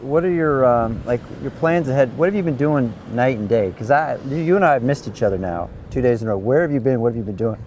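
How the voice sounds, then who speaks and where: A man's voice: mid-range voice, fast, hardly any pauses, a little mellow, a little hiss or hum. A man casually interviewing a fisherman, easygoing, with short encouraging replies.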